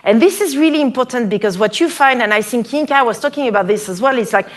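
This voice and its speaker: A woman's voice: fairly high pitch, lively intonation, fast talker. Chatty French-accented woman giving a talk. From France. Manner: chatty, playful, many fillers and restarts. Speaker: speaker at an event. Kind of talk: conference talk. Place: event hall before a live audience.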